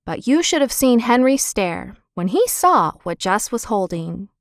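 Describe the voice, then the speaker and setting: Clear, expressive woman narrating a children's book. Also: a little high, a little slow, no room sound, studio quality. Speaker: audiobook narrator.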